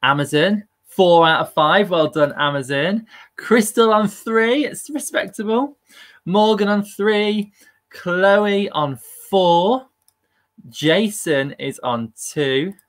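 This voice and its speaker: A man's voice: high-pitched, slow pace. A man hosting a live-streamed quiz, upbeat and chatty and laughing at himself. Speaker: quiz host.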